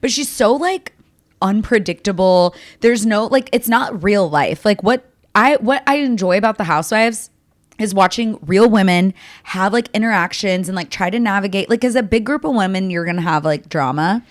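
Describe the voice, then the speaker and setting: A young woman with a mid-pitched voice co-hosting a casual podcast. She gives her opinions emphatically, agrees readily and fills her talk with "like". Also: lively intonation, moderate pace. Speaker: podcast co-host. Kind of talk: casual chat recapping reality TV.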